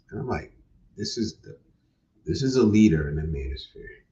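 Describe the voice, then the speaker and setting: A man's voice: extremely low pitch, lively intonation, brisk. A man hosting a casual livestream, laid-back, repeating his points and often ending with "man". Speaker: livestream host. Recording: distant, dull lo-fi sound.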